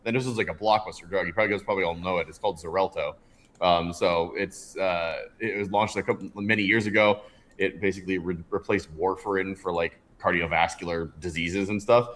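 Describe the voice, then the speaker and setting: Low-voiced man telling lively anecdotes. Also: brisk. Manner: animated storyteller, acts out voices in anecdotes. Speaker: podcast co-host. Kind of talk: casual chat.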